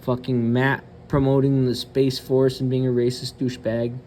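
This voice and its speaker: Man, channel host, profane ranting commentary, blunt, hesitant fillers, mid-pitched voice, faint background noise. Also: little pitch movement, normal speed, a little mellow.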